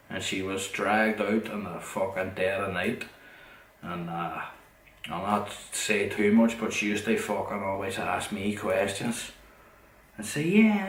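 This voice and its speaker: A man's voice: on the low side, roomy sound, distant mic, poor audio. A man telling a story in a casual, profane, rambling way, often restarting his sentences.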